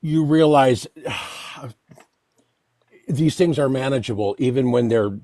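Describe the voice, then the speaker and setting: A man on a livestream, rambling through a story with plenty of restarts and laughs as he talks. His voice sits at a middle pitch and the recording is close and dry. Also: takes it slowly, dark tone, dry recording. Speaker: guest. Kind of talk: casual storytelling.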